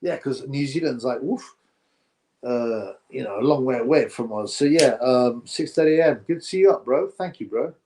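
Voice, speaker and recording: A man chatting on a live stream in a plain mid-pitched voice. He reads out viewer comments and gives blunt, opinionated takes in loose, rambling banter full of filler. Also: moderate pace, dark tone. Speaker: live-stream boxing host. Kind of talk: casual live-stream chat, reading viewer comments aloud.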